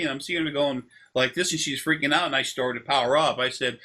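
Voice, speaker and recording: A man's voice: medium pitch, fast, hardly any pauses, pushed and bright. A man working as an energy healer, explaining things casually over a video call and drifting into long, rambling anecdotes. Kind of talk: casual explanation during a session.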